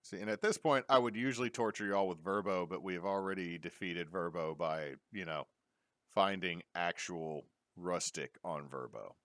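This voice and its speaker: Here a deep-voiced male podcast co-host chats casually, telling stories and performing the quoted lines with animation. His pace is normal, and the studio-quality recording is dry.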